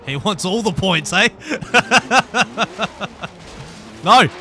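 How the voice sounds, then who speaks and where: A young man hosting a racing game session with friends, laughing a lot and bursting into excited shouts. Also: a little high, a little slow, over music. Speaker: YouTube gaming host. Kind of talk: casual gaming chat.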